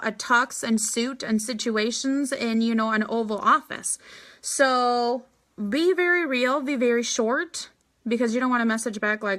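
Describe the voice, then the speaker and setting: A woman's voice: a little high, pushed and bright. A woman answering viewer questions in a casual live Q&A, chatty and blunt, often acting out what she says to people. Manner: chatty and blunt, quick asides, acts out her replies. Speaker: network marketing leader answering viewer questions.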